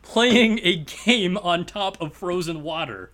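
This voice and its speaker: A man's voice: high voice, slow pace. Joking male podcast co-host. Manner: joking, animated, laughs often. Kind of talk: casual chat.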